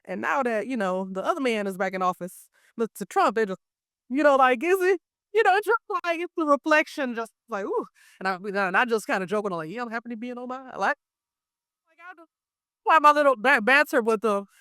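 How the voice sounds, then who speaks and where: An American woman, a teacher living abroad, chatting casually as an interview guest. She tells animated stories, leans heavily on "like" and acts out what others said. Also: fairly high pitch, a little fast, dry recording, clean studio sound. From United States. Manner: animated storyteller, heavy use of "like", acts out quotes.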